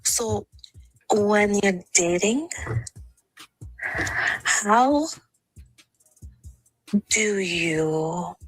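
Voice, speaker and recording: Slow woman on a call-in, dodges questions, dry close sound. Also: mid-range voice, animated, no room sound, faint music behind. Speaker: caller. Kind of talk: call-in on a live stream.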